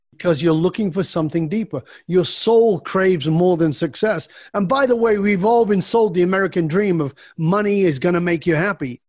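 A man's voice: high voice, no room sound, studio quality. A middle-aged man answering an interviewer's questions on a podcast, a coach who acts out the dialogue of his stories. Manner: animated storyteller acting out dialogue.

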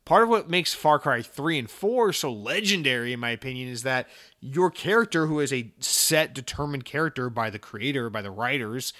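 Blunt ranting man, bright voice. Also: medium pitch, expressive, moderate pace. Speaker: podcast host. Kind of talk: casual gaming news podcast.

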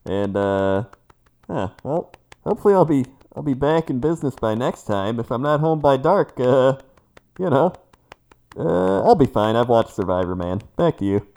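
A dozy traffic reporter rambles along, halting in a mock-broadcast deadpan, as a man plays him. His voice sits at an ordinary mid pitch. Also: lightly acted. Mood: bewildered. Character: dozy, lost male traffic reporter in a comedy bit.

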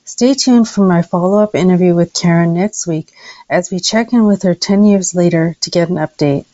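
A woman hosting a podcast, closing an interview and reading a sponsor message in a clear announcer-like way. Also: fairly low pitch, normal speed, lo-fi sound, over music. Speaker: podcast host.

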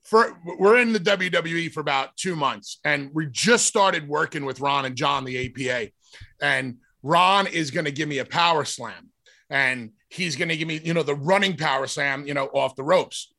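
A man and former wrestler telling stories in a casual chat, animated and emphatic. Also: on the high side, moderate pace, vocal fry. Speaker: podcast co-host, former wrestler.

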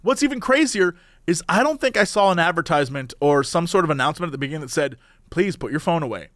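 A man's voice: a little high, fast talker, no room sound, clean studio sound. A man co-hosting a podcast in casual chat, telling stories with lots of energy and slipping into impressions. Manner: animated storyteller who slips into voices. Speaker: podcast co-host.

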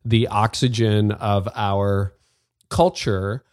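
Lower-voiced male podcast host. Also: fairly even intonation, a little mellow, no room sound, studio quality. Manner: measured, thoughtful questions, frequent affirmations. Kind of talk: interview conversation.

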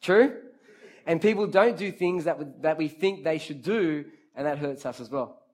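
A man delivers a sermon in a voice pitched a touch high for a man. He is lively and talks straight to the crowd, drawing answers out of his listeners and repeating his points for emphasis. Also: moderate pace. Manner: repeats key phrases for emphasis. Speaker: preacher leading a youth group. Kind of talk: interactive sermon.

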